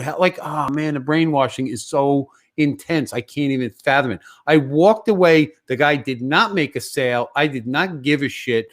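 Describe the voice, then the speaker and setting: A man's voice: on the high side, moderate pace, few pauses. A man, a guest on a casual podcast, ranting in a heated, emphatic way with plenty of swearing.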